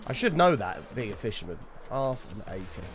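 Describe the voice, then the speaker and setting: Male streamer, casual gaming chat, animated, swears a lot, faint background music. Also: on the low side, normal speed. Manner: animated, swears often, reads chat aloud.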